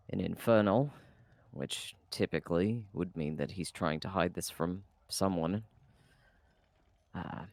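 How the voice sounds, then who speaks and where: Low slow guy reading a letter out at a dnd table, kinda hesitant, dry mic. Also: animated, gravelly, dry recording. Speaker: tabletop game player. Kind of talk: reading a letter aloud during a tabletop game.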